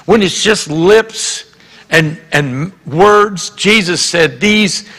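A man's voice: sits high, very slow, a bit bright. A man with a Southern US accent preaching a sermon as pastor, telling a story and acting out the dialogue. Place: church sanctuary. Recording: reverberant church hall.

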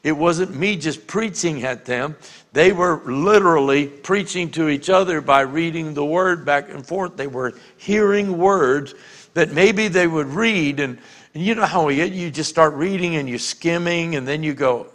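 A man preaching a conversational sermon as a pastor, often repeating words and slowing down to read scripture with emphasis. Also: fairly high pitch, a bit bright. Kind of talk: sermon teaching. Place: church sanctuary. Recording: long hall reverb.

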